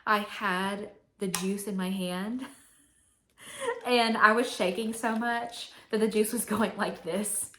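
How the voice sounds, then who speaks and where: A woman's voice: medium pitch, big pitch swings, takes it slowly, a bit bright. A young woman vlogging to camera, telling a personal story in a chatty, candid way with many fillers.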